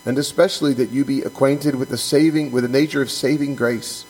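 A man's voice: mid-range voice, steady tone, brisk, a little mellow, slightly rough, low-quality recording. A man who is a pastor co-hosting a podcast, reading from a book and then talking it over in an earnest, emphatic way, often restarting and repeating words.

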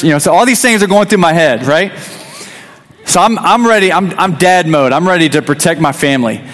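A man's voice: a little high, a little fast, a bit bright. Man preaching, echoey hall. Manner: conversational, restarts often, acts out quotes. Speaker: youth pastor. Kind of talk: sermon with personal story. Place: church sanctuary.

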